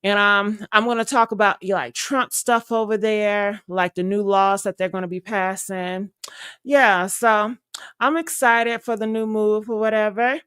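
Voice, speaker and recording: A woman's voice: medium pitch, fairly even intonation, unhurried, fairly bright tone, clear, resonant tone, dry recording, clean studio sound. A young woman streamer chatting casually and loosely to her viewers, rambling with fillers and laughter. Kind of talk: casual live-stream chat.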